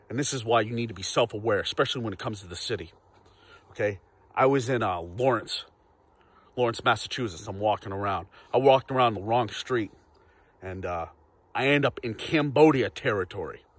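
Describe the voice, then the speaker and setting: A man's voice: fairly low pitch, lively intonation, brisk, a bit bright, breathy edge, no room sound. A man ranting casually to camera in a vlog, profane, rambling and repetitive. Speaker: vlogger.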